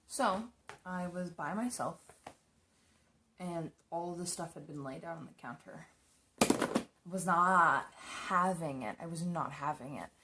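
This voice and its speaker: A woman's voice: on the low side, a little slow, background noise. A young woman casually telling stories while doing her makeup, chatty and rambling, swearing freely. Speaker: makeup streamer.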